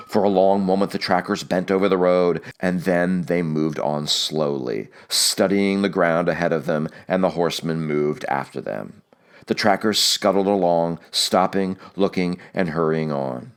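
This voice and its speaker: Deep-voiced male audiobook narrator.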